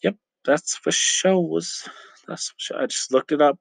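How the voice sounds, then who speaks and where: A man's voice: on the high side, a little slow, vocal fry, no echo, rough recording. A man hosting a casual solo podcast on a phone mic, rambling, swearing freely and laughing often. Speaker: podcast host. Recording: dry phone recording.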